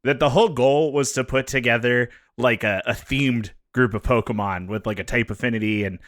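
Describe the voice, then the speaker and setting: A man's voice: mid-range voice, fairly quick, a bit bright, dry recording. Dry, teasing man on a podcast. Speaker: podcast co-host. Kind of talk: casual comedic chat.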